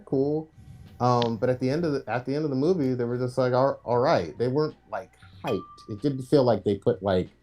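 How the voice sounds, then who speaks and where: A man's voice: medium pitch, dark tone. A man co-hosting a livestream podcast, giving blunt, profane criticism in casual chat. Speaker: podcast co-host.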